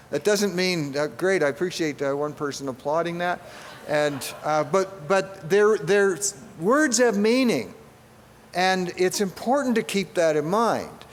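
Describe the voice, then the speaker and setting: An older man giving a conference speech, folksy and joking with frequent fillers. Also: a little high. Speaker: conference speaker. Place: conference hall. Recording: long hall reverb.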